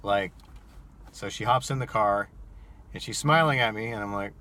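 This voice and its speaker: A man who drives for rideshare apps, casually telling an animated, incredulous story to his viewers. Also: fairly low pitch, normal speed.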